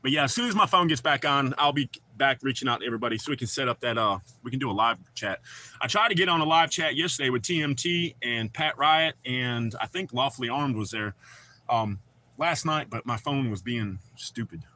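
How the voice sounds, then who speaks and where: Guy chatting on a livestream, bright voice, loose rambling slang. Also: medium pitch, expressive, a little fast. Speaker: livestream host. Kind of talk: casual live chat reading comments.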